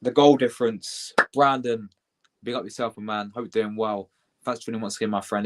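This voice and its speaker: A young British man hosting a live football reaction stream, chatty and excitable, swearing and shouting out viewers in his chat. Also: fairly low pitch, normal speed. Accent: British English. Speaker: football livestream host.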